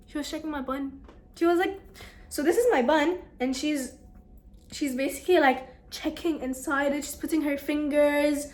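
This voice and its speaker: A young woman vlogger telling a story to the camera in a casual, animated, exasperated way. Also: sits high, normal speed.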